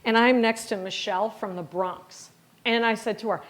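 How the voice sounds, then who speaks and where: A woman's voice: fairly high pitch, normal speed, a bit bright. A middle-aged woman from Wisconsin giving a lecture as a company founder, chatty and self-deprecating, acting out bits of dialogue as she tells stories. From Wisconsin, USA. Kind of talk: storytelling lecture.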